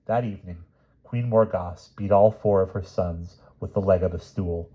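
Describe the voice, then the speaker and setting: A man reading a novel aloud in an expressive, measured storybook narration, on a dull lo-fi recording. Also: sits low. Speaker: audiobook reader.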